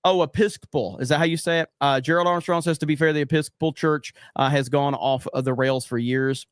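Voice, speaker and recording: A man's voice: fairly high pitch, fairly even intonation, fairly quick, smooth, no room sound, clean studio sound. A man hosting a casual livestream podcast, reading chat comments and ranting bluntly with plenty of profanity.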